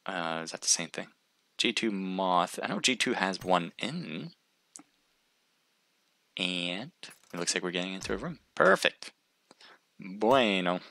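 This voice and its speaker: A man's voice: sits low, lively intonation, measured pace, gravelly, pauses often, bright, forceful tone, no echo. A man casting a live stream, chatting casually with viewers and thinking aloud with frequent restarts. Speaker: livestream caster.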